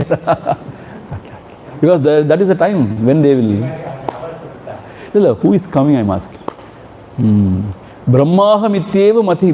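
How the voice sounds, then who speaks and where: A man gives a spiritual talk, his voice slightly high yet warm and soft-edged. He chants Sanskrit verses slowly before unpacking them in a patient, fatherly manner. A faint ambient hum sits under the recording. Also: muffled recording. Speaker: spiritual teacher. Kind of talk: scripture commentary talk.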